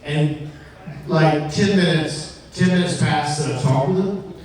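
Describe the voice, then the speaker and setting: A man's voice: on the high side, a little slow. A man hosting a live podcast, telling a rambling anecdote on stage with fillers. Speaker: podcast host. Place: live venue with audience. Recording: echoey live room from far off with crowd.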